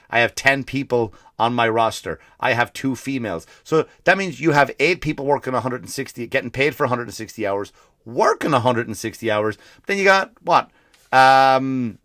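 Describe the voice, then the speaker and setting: A man's voice: medium pitch, a bit bright, no room sound, studio quality. A middle-aged man, hosting a comedy podcast, ranting in a profane, self-interrupting way. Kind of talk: comedic rant.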